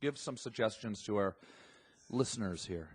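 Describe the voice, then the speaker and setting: A man's voice: lowish voice, lively intonation, normal speed, husky. A man hosting a podcast, chatting casually and asking his guest leading questions. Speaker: podcast host. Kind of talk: casual conversation.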